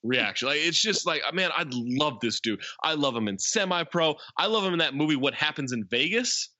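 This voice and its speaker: A man's voice: a little high, expressive, a little fast, sharp tone, no room sound, lo-fi sound. A man co-hosting a podcast, chatting casually as he recaps a film, with plenty of "like" fillers and a rambling, enthusiastic manner. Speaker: podcast co-host.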